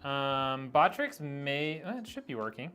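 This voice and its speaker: Relaxed middle-aged man chatting mid-build. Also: medium pitch, a little slow, smooth, faint music behind. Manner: relaxed, thinks aloud with many ums and likes. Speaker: streamer building a PC. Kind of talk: casual live-stream chat while building.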